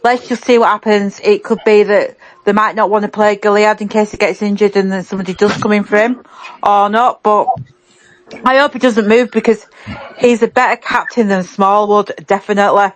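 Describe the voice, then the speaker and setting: A woman's voice: mid-range voice, fairly even intonation, normal speed, no room sound, poor audio. A woman chatting on a fan podcast, often restarting and repeating her point. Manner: chatty, repeats herself mid-thought. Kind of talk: casual fan podcast chat.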